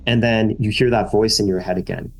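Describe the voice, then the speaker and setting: A man's voice: fairly low pitch, steady tone, brisk, creaky, faint music behind. A man narrating a tabletop game as game master, casual and rambling with lots of fillers.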